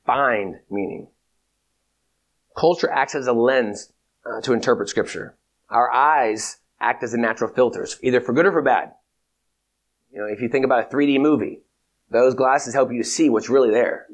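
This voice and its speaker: A man giving a theology lecture in a measured, emphatic way, repeating his key points. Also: mid-range voice. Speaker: teacher.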